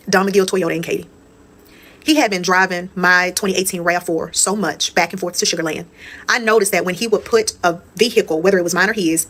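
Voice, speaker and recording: A woman's voice: on the low side, a bit bright. A young woman telling a personal story to her viewers in a candid, casual, profane way. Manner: candid, profane, conversational, addresses viewers as y'all.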